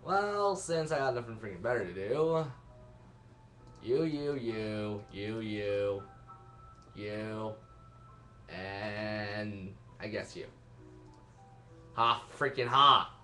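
Brief: young male let's-player, lowish voice, rambling and self-mocking, soft game music under him. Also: expressive, very slow, pauses often. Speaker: let's play commentator. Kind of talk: rambling gameplay commentary.

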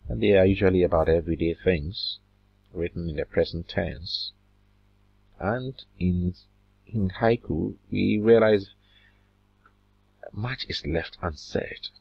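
Slow, deep-voiced male literature teacher. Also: creaky, breathy edge, dry recording. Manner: slow, deliberate, drawing out words when counting syllables. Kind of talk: recorded classroom lesson. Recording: dull lo-fi recording.

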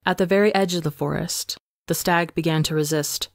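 A woman narrating a fan story aloud for a podcast in a measured, dramatic storytelling manner. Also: low-pitched, fairly even intonation, creaky, dry recording, studio quality. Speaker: podcast reader.

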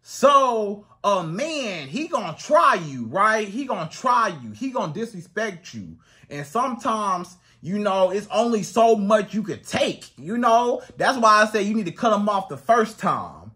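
A man's voice: high-pitched, unhurried. A man giving dating advice as a coach, talking emphatically and piling up rhetorical questions. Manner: animated, swings into acted outbursts. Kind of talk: advice monologue to camera.

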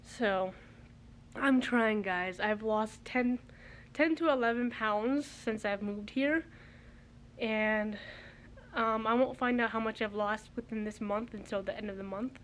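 A woman's voice: a little high, measured pace, slight background noise. A young woman in her twenties, out of breath, chatting casually to her camera at home, rambling with many restarts. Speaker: vlogger. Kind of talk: casual vlog chat. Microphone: handheld camera mic.

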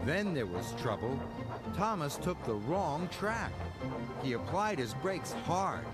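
A man reading a children's storybook aloud, slow and expressive. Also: on the high side. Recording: narration over background music.

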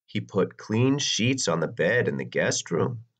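A man narrating a children's storybook in an expressive, dramatic reading. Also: a little slow, husky. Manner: expressive, sweeping pitch for drama.

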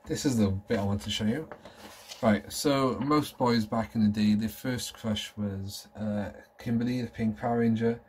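This is a casual show-and-tell from a collector vlogger in his thirties, who rambles enthusiastically and nostalgically about collectibles at home. He speaks at normal speed in a lowish, darkish voice with fairly even intonation, over slight background noise.

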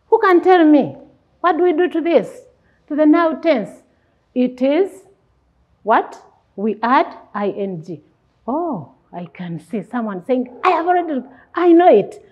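A woman teaching young children, with a slightly high voice that rises and falls a lot. She talks slowly, asks questions and answers them herself. The recording is dull and lo-fi. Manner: slow, sing-song teacher talk, asks and answers her own questions. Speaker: primary school English teacher. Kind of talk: classroom lesson.

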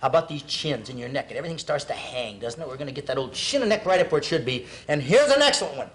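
Very fast and animated, this fitness show host has a medium-pitched, fairly bright voice. Between counting reps and cheering viewers along on his televised workout, he breaks into earnest, preachy pep talks.

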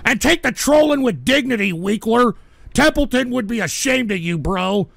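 A man hosting a livestream radio show, ranting angrily and swearing, often shouting at his chat. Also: very high-pitched, expressive, normal speed, creaky.

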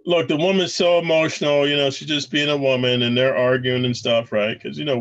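A man's voice: medium pitch, brisk, few pauses, dull audio. A man talking casually to his viewers in a rambling way, commenting on video clips he plays. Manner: rambling, addresses viewers as guys. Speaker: channel host.

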